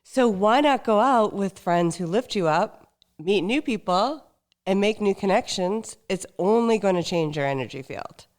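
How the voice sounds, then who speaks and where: A woman's voice: medium pitch, lively intonation, a little slow, darkish tone. A woman hosting a dating podcast, enthusiastic and affirming toward her guest. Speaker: podcast host. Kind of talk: podcast interview.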